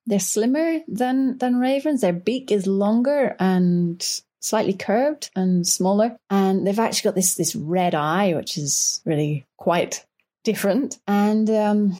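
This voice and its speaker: A woman from Northern Ireland with a Northern Irish accent, a children's book author telling relaxed stories as a guest, enthusiastic, with frequent restarts. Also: medium pitch. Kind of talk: relaxed conversational storytelling.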